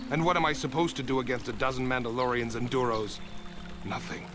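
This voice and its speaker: A man's voice: mid-range voice, fairly quick, close to an everyday voice. Guy doing a desperate farmer father, accusing then begging, music over him, video game voice. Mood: bitter, pleading. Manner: pleading, accusing. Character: grieving middle-aged farmer father, bitter and desperate.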